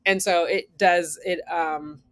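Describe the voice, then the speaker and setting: A woman in her forties telling a candid story to her viewers in a casual chat, animated, switching between loud outbursts and hushed asides. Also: on the low side, slow. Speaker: vlogger and new mother.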